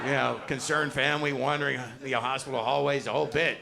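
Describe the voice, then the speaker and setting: A middle-aged man doing a stand-up set on a comedy club stage, ranting and mocking himself with lots of swearing and shouted punchlines. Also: medium pitch, fast talker, gravelly, hardly any pauses, noisy background. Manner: ranting, self-deprecating, profane, rising to shouts on punchlines. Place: comedy club stage before a live audience. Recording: live show with loud crowd laughter. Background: audience laughter.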